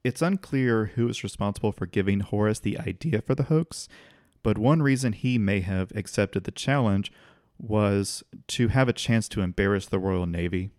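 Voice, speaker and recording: A man's voice: on the low side, moderate pace, no room sound, studio quality. A man co-hosting a podcast, casually telling a history story with easy restarts and the odd laugh. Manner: relaxed, occasional restarts, laughs while telling.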